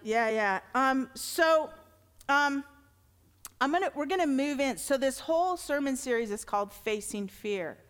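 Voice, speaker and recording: This middle-aged woman pastor's sermon comes in a high-pitched, expressive voice that is clear and resonant, at a measured pace. She speaks earnestly and conversationally, building to emphatic lines, with the long reverb of a large hall around her.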